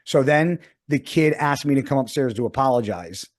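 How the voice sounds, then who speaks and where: Man in his 40s, podcast co-host, casual storytelling, heavy swearing, animated delivery. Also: mid-range voice, normal speed. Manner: heavily profane, animated storytelling.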